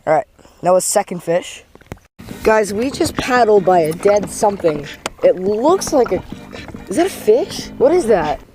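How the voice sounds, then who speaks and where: A man's voice: sits high, big pitch swings, unhurried, music in the background. Upbeat man narrating from a fishing boat. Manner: upbeat, coaching a companion as fish come in. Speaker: fishing channel host. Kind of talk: casual fishing vlog commentary. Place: outdoors on a lake in a small paddled boat. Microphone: action camera mounted on or near him.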